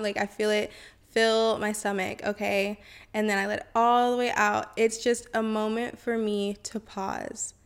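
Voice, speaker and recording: A woman hosting a self-help podcast, chatty and encouraging, often saying y'all and okay. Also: fairly high pitch. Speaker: podcast host.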